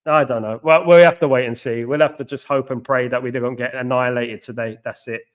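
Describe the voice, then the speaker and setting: With a mid-range voice and steady tone, a man hosts a live football watchalong at a slightly fast pace. He chats casually, responding to viewers' messages with exasperation.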